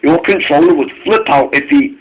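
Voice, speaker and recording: A man voicing a stern male railway boss, firm and halting. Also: a little high, slight background noise, close to an everyday voice. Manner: firm, refusing, hesitant restarts. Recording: tinny phone-like recording.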